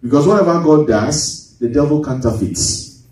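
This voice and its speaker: A pastor preaches a sermon in a church sanctuary, posing rhetorical questions and drawing responses from the congregation. His slightly high, slightly mellow voice is animated and at normal speed, recorded from far off in the echoey hall.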